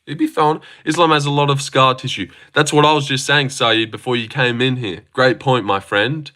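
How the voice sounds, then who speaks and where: Excitable Australian man live-streaming. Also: mid-range voice, normal speed. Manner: excitable, swears freely, answers chat comments aloud. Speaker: live streamer reading chat. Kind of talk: casual live-stream reaction chat.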